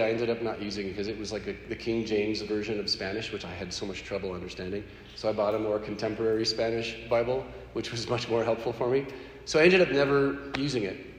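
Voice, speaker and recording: Man telling a faith story in an echoey hall. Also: mid-range voice. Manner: animated, conversational storytelling. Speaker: speaker sharing a personal testimony. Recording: echoey hall with faint background noise.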